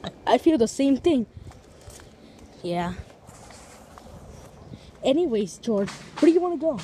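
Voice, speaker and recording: Woman vlogger, higher voice, chatty walk-and-talk outdoors, fond of fancy words. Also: very animated, slow, mellow, a little hiss or hum. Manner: chatty, piles on big vocabulary words; talks to viewers while walking. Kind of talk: casual walking vlog. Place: outdoors on streets and in a park.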